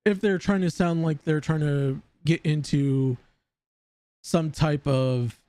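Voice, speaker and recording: A man's voice: a little high, slow pace, warm tone, dry recording. A man live-streaming casual commentary, rambling and often stammering over repeated words.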